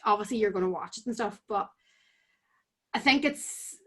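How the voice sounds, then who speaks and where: A woman's voice: mid-range voice, normal speed, sharp tone. Young northern irish woman, casual podcast guest, chatty and rambling. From Tyrone, Northern Ireland. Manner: chatty, full of "like" fillers. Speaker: podcast guest, amateur boxer. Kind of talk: casual chat.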